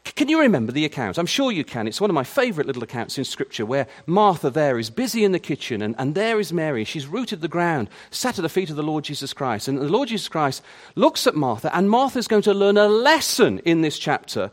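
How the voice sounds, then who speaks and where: Male preacher, fairly high voice, swooping and lively delivery, stammering restarts, questions to the congregation. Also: brisk, hardly any pauses. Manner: animated, asks the listeners many questions; stammers and repeats words at the starts of phrases. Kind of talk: sermon.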